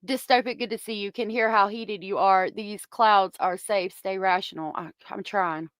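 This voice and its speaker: A woman's voice: mid-range voice, steady tone, normal speed, a bit bright, clear, resonant tone, no room sound. A woman hosting a heated commentary stream, ranting angrily and swearing at viewers into a close microphone. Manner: angry, profane, ranting at viewers. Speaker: commentary channel host. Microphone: close desk microphone.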